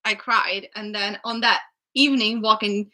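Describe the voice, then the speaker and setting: A woman's voice: mid-range voice, steady tone, moderate pace, sharp tone, low-quality recording. A woman from Ukraine co-hosting a casual livestream chat, laughing often and good-humored. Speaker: co-host.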